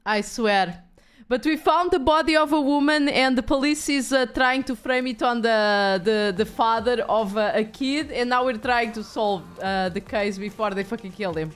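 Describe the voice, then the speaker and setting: A woman's voice: fairly high pitch, normal speed, clean tone. A woman streaming a video game, chatting casually with viewers, rambling and swearing offhand.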